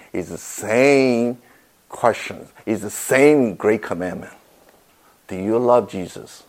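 Slow-speaking male pastor preaching. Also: on the low side, darkish tone. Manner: slow, halting delivery with repeated words and non-native grammar. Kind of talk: sermon.

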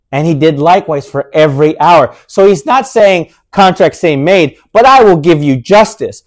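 High-voiced man preaching emphatically. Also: expressive. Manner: emphatic, rhetorical questions, slows down for stress. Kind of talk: sermon.

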